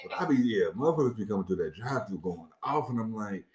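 Man, casual storytelling, lively up-and-down voice, laughs a lot, profane, echoey room. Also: fairly low pitch, fast talker. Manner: animated, laughs often, profane.

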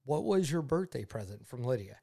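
A man speaking to his daughter, telling his faith testimony in an earnest, heartfelt way, often repeating himself and going quiet when moved. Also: medium pitch, very animated, a little fast, gravelly. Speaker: father talking with his daughter.

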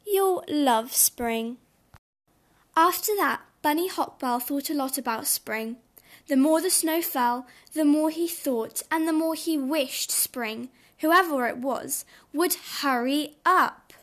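A woman reading a children's storybook aloud in a gentle, expressive way. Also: high-pitched, measured pace.

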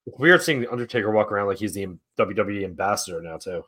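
A man's voice: on the low side, lively intonation, quick pace, a bit bright. A man co-hosting a podcast in casual chat, teasing and asking playful questions. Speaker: podcast co-host.

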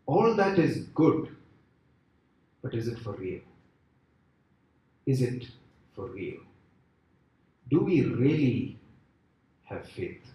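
A man preaching a sermon with an expressive, rising and falling delivery and many rhetorical questions. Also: mid-range voice, slow, long pauses. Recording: echoey hall from far off.

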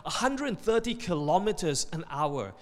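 A man's voice: sits high, sing-song, measured pace. Matter-of-fact police officer, voiced by a male preacher, dry and formal, reverberant hall.

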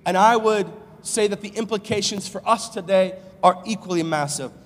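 Male pastor in a church sanctuary, high-pitched, slangy and conversational, building to loud preaching. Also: moderate pace. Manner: casual, slangy, swings from quiet asides to loud proclamation. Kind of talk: sermon. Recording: long hall reverb.

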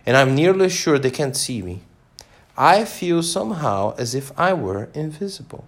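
A man voicing Alice, a curious, polite young girl from a storybook, in a gentle, slightly raised voice. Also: fairly high pitch, very animated, moderate pace, voice pushed up. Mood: wondering.

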